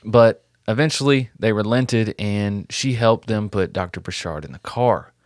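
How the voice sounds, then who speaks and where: A man co-hosting a true crime podcast, retelling the case in a relaxed, casual way and swearing now and then. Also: lowish voice, measured pace, no echo, studio quality. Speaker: podcast co-host.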